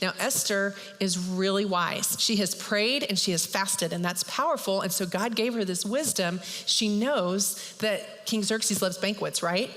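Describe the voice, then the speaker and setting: A woman pastor retelling a Bible story in a lively, chatty sermon. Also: mid-range voice, unhurried, few pauses. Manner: lively, chatty, acts out characters. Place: church. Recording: long hall reverb.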